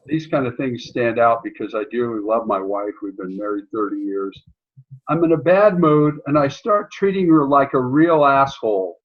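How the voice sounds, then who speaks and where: A middle-aged man asking an earnest, reflective question on a video call. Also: medium pitch. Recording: dull lo-fi video call audio.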